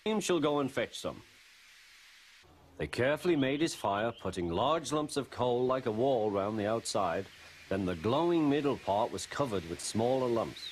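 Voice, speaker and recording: A man reading a storybook aloud in a measured, expressive way. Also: mid-range voice, slight background noise. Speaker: narrator. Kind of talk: storybook narration.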